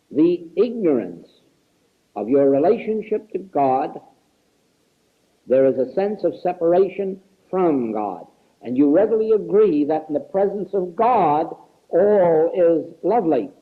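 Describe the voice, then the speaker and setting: Earnest man on an old lo-fi lecture tape. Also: a little high. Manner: earnest, emphatic, repeats key words for stress. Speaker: spiritual teacher. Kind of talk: recorded spiritual lecture. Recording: lo-fi archival tape recording.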